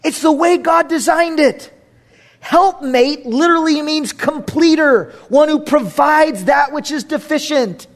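A man's voice: very high-pitched, a little slow. A middle-aged male pastor preaching a sermon, emphatic, repeating key phrases with playful asides.

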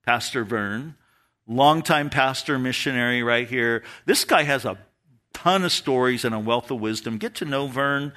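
A man's voice: medium pitch, normal speed. A man pastor preaching a sermon and telling stories with laughter. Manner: storytelling, animated, laughs at his own stories.

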